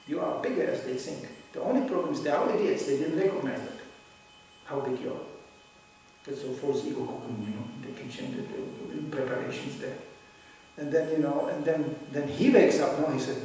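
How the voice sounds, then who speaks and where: A man's voice: on the high side, fairly quick, dark tone. A man giving an informal scripture class, telling stories, acting out what people say in little voices and chuckling often. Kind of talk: informal sermon with storytelling. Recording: roomy hall, mic at a distance, faint background hum.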